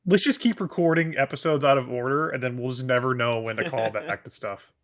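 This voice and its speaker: A man co-hosting a podcast, animated and jokey, often breaking into laughter. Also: mid-range voice, a little fast. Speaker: podcast co-host. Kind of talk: casual chat.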